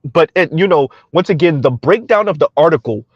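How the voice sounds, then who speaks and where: A man's voice: fairly high pitch, lively intonation, brisk, breathy edge, no echo, dull audio. A middle-aged man hosting a casual livestream, reading chat aloud, loose and colloquial, with frequent chuckles. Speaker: livestream commentary host.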